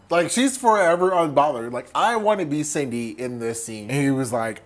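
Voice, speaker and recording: A tipsy man retelling a horror film as a comedy recap, animated and profane, jumping into quick impressions of the characters. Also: medium pitch. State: tipsy from wine. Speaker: host.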